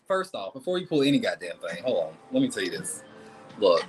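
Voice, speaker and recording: A man's voice: fairly low pitch, fairly quick, husky, soft background music, low-quality recording. A man doing a casual live tarot reading, talking bluntly and swearing often. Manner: blunt, animated, swears and laughs a lot. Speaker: tarot reader.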